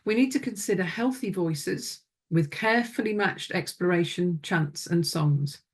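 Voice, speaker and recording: Calm, low-voiced woman teaching music. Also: unhurried, husky. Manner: calm, instructive, demonstrates vocal exercises. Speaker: music education presenter. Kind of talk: webinar teaching talk.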